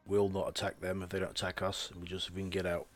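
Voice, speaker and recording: Low-voiced wry male player. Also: completely flat delivery, fast, faint music behind. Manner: wry, matter-of-fact, talks back plainly. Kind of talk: casual in-character play.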